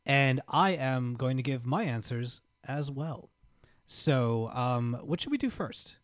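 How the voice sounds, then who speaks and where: A man's voice: medium pitch, animated, takes it slowly, dry recording. Male podcast host, upbeat, moves the chat along, dry sound. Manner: upbeat, steers the conversation. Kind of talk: casual chat.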